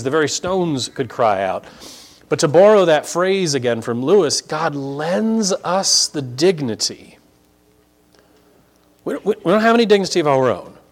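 Animated male pastor preaching. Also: a little high. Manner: animated, acts out crowd voices, drops to quiet asides. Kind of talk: sermon.

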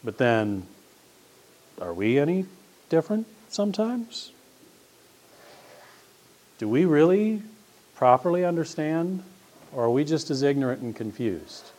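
This pastor and teacher speaks with a fairly high, slightly mellow voice, very animated yet a little slow, leaving long pauses. His sermon moves through casual stories and climbs into emphatic questions.

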